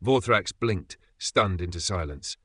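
A man reading a scripted fantasy story as narrator, with even, dramatic storytelling. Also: sits low, unhurried, no room sound.

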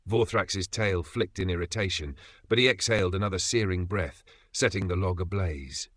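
A man narrating a fantasy story in an even, dramatic way. His voice sits fairly low but has a bright, forceful edge. The recording is dry and close, with no room sound. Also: normal speed, few pauses, dry recording.

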